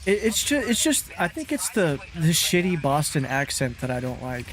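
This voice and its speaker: A man's voice: fairly high pitch, sing-song, normal speed, a bit bright, slight background noise. A man streaming a game, chatting casually in a rambling, self-mocking way and swearing freely. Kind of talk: casual gaming commentary.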